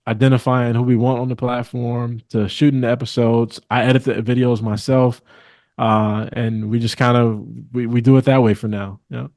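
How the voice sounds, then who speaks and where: A man's voice: mid-range voice, darkish tone, no echo, clean studio sound. A man from Milwaukee, a guest attorney, talking earnestly in a casual interview with many fillers. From Milwaukee, Wisconsin.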